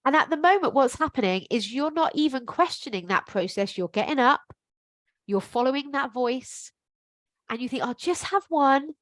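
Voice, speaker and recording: A woman's voice: high voice, animated, normal speed, dry recording. A middle-aged woman, a life coach, giving a frank, emphatic motivational talk to camera with some casual swearing.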